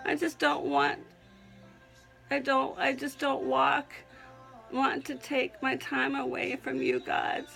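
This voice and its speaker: A woman's voice: high-pitched, very animated, takes it slowly, creaky, a bit bright, soft background music, poor audio. A woman with a Southern accent reading her own prayerful poem, often stopping to sneeze and laugh, on the edge of tears. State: teary, on the edge of crying. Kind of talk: prayerful spoken-word poetry reading.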